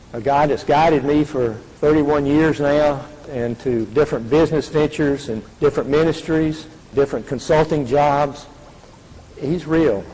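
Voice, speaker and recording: A man's voice: a little high, darkish tone, slightly rough. An older man giving an earnest faith testimony, speaking with a preacherly, repetitive cadence. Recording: reverberant hall.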